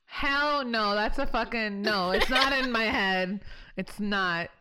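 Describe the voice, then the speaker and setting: A woman, hosting a casual podcast chat, blunt and profane, quick to laugh. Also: mid-range voice, pushed and bright, slight background noise, poor audio. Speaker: podcast host.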